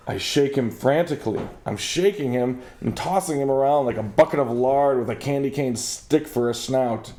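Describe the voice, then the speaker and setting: A man and podcast host giving an overwrought, theatrical comedic story reading, swinging from hushed to frantic and sometimes breaking into laughter. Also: mid-range voice, normal speed, few pauses. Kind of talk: melodramatic comedic first-person story reading.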